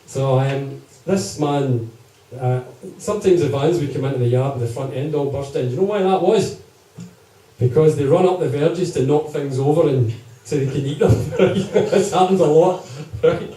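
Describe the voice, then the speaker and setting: Telling comic stories at a live music gig, this man talks to the crowd in a chatty way and checks in with them often. His voice is a little high and warm, at normal speed. The echoey room is captured by a distant mic, with a little hiss or hum.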